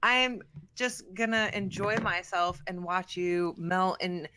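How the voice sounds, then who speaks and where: A woman's voice: on the low side, slow pace, bright, forceful tone, a little hiss or hum. A woman guest on a casual podcast, speaking bluntly and matter-of-factly.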